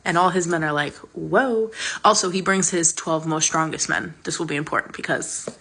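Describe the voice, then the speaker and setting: A woman's voice: deep voice, fairly even intonation, brisk, vocal fry, bright, forceful tone, a little hiss or hum. A woman retelling an old myth in a chatty, sarcastic, casual way, with plenty of fillers. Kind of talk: casual storytelling.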